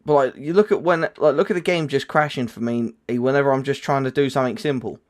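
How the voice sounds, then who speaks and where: A man's voice: medium pitch, quick pace. Rambling male gaming streamer. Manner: rambling, full of "like" and restarts. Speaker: livestream host. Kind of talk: casual gaming chat.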